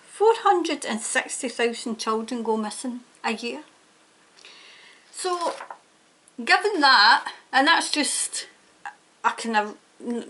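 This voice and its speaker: Brief: woman tarot reader, high bright pitch, emphatic and fired-up, ranting monologue. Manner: emphatic, indignant, prone to ranting. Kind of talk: tarot reading monologue to camera.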